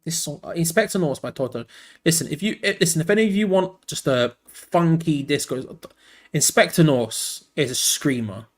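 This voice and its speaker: A man's voice: a little high, expressive, moderate pace. A tired man hosting a live fan watch-along, switching between match commentary and rambling, frank asides.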